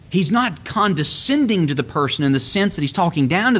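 A man's voice: medium pitch, lively intonation, a little fast, few pauses, a bit bright. A middle-aged man preaching a sermon, explaining scripture earnestly and lifting his voice when he quotes it.

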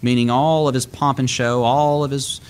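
A man's voice: medium pitch, fairly even intonation, moderate pace, clean tone. A middle-aged man preaching a sermon, explaining scripture earnestly and lifting his voice when he quotes it.

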